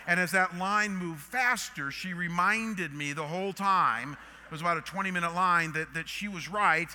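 A middle-aged man, a pastor, telling a story in a sermon and then praying, animated and full of restarts. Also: high voice, normal speed, a little hiss or hum. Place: church auditorium. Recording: long hall reverb.

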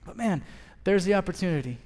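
A man's voice: high-pitched, animated, fast talker, a little mellow. A man in his thirties preaching a sermon as a pastor, telling a story and acting out both sides of the conversation. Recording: long hall reverb.

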